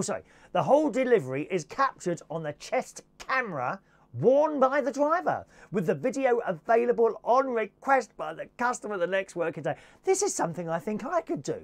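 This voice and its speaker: Camp man in a lively comic monologue. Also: high voice. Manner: camp, theatrical, puts on posh and working-class voices. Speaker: comedy presenter. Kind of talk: comic monologue with character voices.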